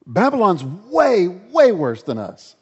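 A man voicing an anguished prophet who pleads urgently with God, raised and loud, in an echoey, dull-sounding hall. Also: sits high, huge pitch swings, slow, husky, voice pushed up, exaggerated voice. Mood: alarmed.

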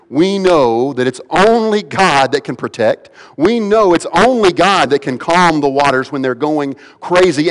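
A male pastor preaching a sermon, swinging from loud pleading to hushed, quiet passages. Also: a little high. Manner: dramatic swings between loud pleading and hushed near-whispers. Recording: long reverb of a large hall.

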